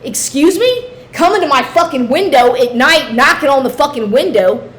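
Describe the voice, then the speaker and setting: A woman's voice: high-pitched, expressive, normal speed, fairly bright tone. A middle-aged woman in an angry personal rant, agitated, swearing and repeating herself.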